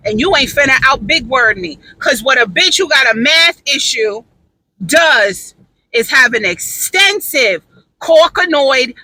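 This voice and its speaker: Brash, high-voiced woman talking candidly. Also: sharp tone, dry recording, low-quality recording. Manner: brash, profane and emphatic; repeats phrases for emphasis, laughs easily. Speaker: podcast talker. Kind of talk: candid opinion talk.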